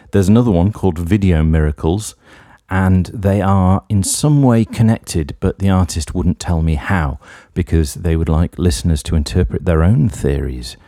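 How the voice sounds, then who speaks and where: A very deep-voiced man hosts a music radio show, talking between tracks. His tone is mellow and dark, and he rambles in a wry, self-deprecating way. The sound is dry and close, with no room around it. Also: no echo. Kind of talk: casual radio DJ links.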